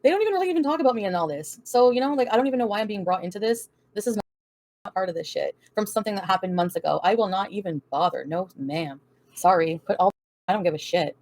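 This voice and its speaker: Answering her chat on a casual livestream, this woman reads out comments and responds in a blunt, defiant, foul-mouthed way, with frequent laughter. She has a mid-range voice with lively intonation, a quick pace and a slightly mellow tone, with no echo.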